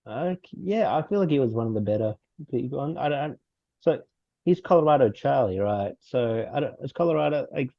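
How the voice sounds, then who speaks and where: Gravelly man rambling through a movie review. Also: mid-range voice, animated, a little fast, mellow, dry recording. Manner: rambling with many restarts and laughs. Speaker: podcast co-host. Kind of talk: casual film review chat. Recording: dull dry lo-fi sound.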